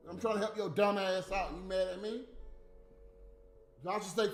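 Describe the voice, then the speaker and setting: A man's voice: sits high, fairly even intonation, moderate pace, pauses often. A man delivering a heated, profane, scolding rant as a stream host. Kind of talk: profane ranting monologue. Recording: roomy room with faint music.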